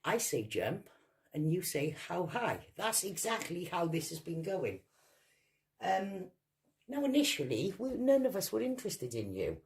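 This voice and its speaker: A woman's voice: lowish voice, very animated, unhurried, darkish tone. A woman from Wales with a Welsh accent, ranting combatively and swearing freely in a vlog. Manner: combative, profane, mocking. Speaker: vlogger. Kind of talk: angry vlog rant.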